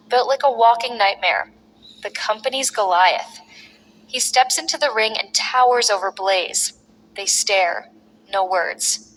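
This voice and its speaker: Bright-voiced woman narrating fights. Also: medium pitch. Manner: punchy, clipped fight narration. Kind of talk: dramatic story narration. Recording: echoey long reverb.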